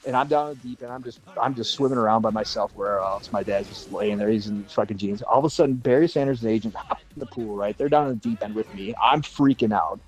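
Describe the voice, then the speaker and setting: Animated man telling a story. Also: on the low side, fast talker, few pauses, faint music behind. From Minnesota, USA. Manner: animated, swears casually, acts out other people's lines. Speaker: livestream panelist. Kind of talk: casual storytelling on a livestream.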